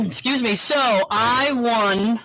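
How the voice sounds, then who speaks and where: A woman co-hosting a podcast in casual chat, chatty and quick to laugh. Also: a little high, creaky, noisy background. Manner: animated, laughs often, chatty. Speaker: podcast co-host.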